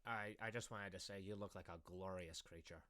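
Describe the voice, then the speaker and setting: A man's voice: sits low, steady tone, a little fast, bright, forceful tone. A man playing a tabletop role-playing game, playful and giggly as he speaks in character. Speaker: player.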